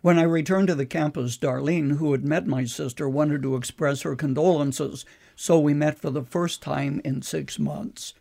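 An older man, a preacher, earnestly recounting a personal story in a measured way. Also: a little high, fairly even intonation, creaky, mellow.

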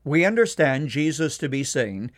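A man delivering a scripted devotional radio commentary in a measured, earnest way, slowing down to stress key points. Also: a little high, big pitch swings. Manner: measured, earnest, slows down for emphasis.

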